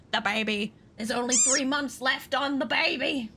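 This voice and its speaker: A young woman streaming casually, excitable and laughing often, swearing freely as she chats with viewers. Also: high-pitched, normal speed, hardly any pauses, noisy background. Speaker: VTuber streamer. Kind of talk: casual live-stream chat.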